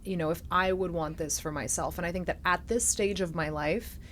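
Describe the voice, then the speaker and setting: A reflective woman host speaks softly in a somewhat low voice, opening up in an intimate conversation. A faint hiss sits under her voice. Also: steady tone, fairly quick. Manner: reflective, soft-spoken, emotional at times. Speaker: podcast host.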